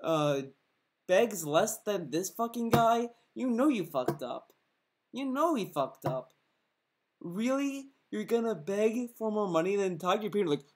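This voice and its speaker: A man's voice: high-pitched, expressive, a little slow, a little hiss or hum. A man delivers an angry reaction commentary, swearing constantly. His tone stays sarcastic and mocking as he rants at the person on screen.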